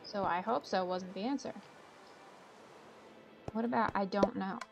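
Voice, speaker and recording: A woman's voice: medium pitch, a little slow, gravelly, a little hiss or hum. A woman hosting a gaming channel, chatting casually and thinking aloud as she plays, poking fun at her own guesses. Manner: chatty, self-mocking, thinks aloud while playing. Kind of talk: casual gameplay commentary. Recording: game music behind voice.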